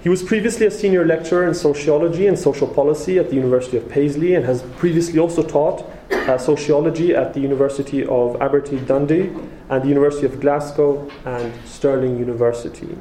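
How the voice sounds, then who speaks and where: Male host, slightly higher voice, dark mellow tone, roomy hall, halting formal intro. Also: slight background noise. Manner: hesitant, frequent fillers. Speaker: event host introducing speaker. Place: lecture room. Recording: roomy hall with faint ambience.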